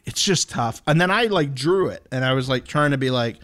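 A man's voice: mid-range voice, lively intonation, brisk, fairly bright tone. A man co-hosting a podcast, chatting casually, joking and swearing now and then. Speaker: podcast co-host. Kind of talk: casual chat.

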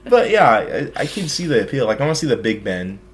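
A man's voice: medium pitch, very animated, fast, slight background noise. Young American male podcast host, rambling, jokey, filler-heavy. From United States. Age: young adult. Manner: rambling, joking, heavy use of "like". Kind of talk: casual chat.

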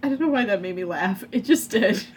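A woman's voice: mid-range voice, expressive, fairly quick, a little hiss or hum. A woman co-hosting a podcast, chatting casually and bluntly about a movie, swearing now and then. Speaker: podcast co-host. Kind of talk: casual movie review chat.

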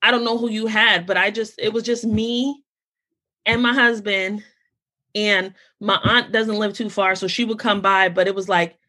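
A woman guest on a podcast, in casual, animated conversation, talking in quick bursts and restarting her sentences often. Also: mid-range voice. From United States. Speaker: podcast guest, founder of a mental health community.

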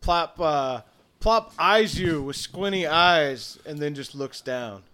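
Guy narrating a tabletop game, bouncy pitch all over the place. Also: expressive, slow pace, sharp tone. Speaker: game master.

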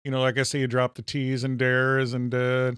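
Smooth-voiced Minnesotan man joking around. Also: medium pitch, normal speed, no room sound, clean studio sound. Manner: jokey, deadpan asides. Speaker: podcast co-host. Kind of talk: casual banter.

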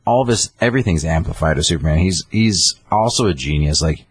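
A man's voice: very deep voice, brisk, husky. A man retelling comic book scenes in casual chat, acting out the characters as he goes. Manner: animated storytelling, acting out characters. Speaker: comic book podcast co-host.

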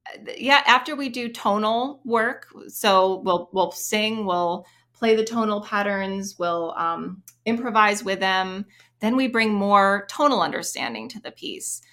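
A woman piano teacher explaining her methods in an interview, animated and singing short rhythm syllables to demonstrate. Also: medium pitch, a little slow. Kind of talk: interview explanation with sung examples.

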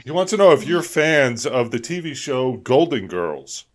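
A male radio host with a mid-pitched voice that rises and falls a lot. He runs the segments casually, reading out the call-in number and listener texts. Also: sing-song, moderate pace, background noise. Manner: reads segments and the call-in number, short reactions.

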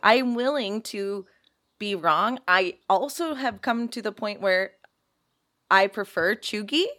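A woman in her thirties co-hosting a casual chat, giggly and self-deprecating in quick banter. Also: medium pitch, lively intonation, pushed and bright. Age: 30s. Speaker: podcast co-host.

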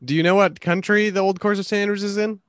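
A man's voice: sits high, fairly even intonation, fast, smooth, no room sound. A man with a slightly raised voice running a movie quiz on a casual podcast. He hands out hints patiently, with a teasing edge. The recording is dry and close. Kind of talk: casual chat.

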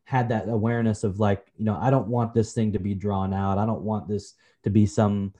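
A man in his forties, a podcast guest, telling personal stories in a relaxed, chatty way, often saying "you know" and calling the host brother. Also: lowish voice, a little fast. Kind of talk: personal storytelling in a conversation.

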